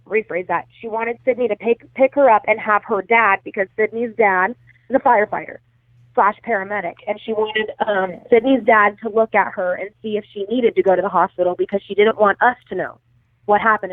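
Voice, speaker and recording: Heard on a tinny, dry phone line without room sound, this interview guest relates a long story in a casual, profane way, full of fillers and self-corrections. She talks a little fast, her medium-pitched voice fairly even in intonation.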